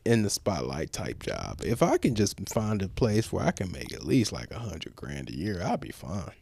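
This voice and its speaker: Man, podcast co-host, casual slangy banter, animated pitch, dry close sound. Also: moderate pace, gravelly, husky, no room sound. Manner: loose, joking, slangy banter. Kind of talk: casual chat.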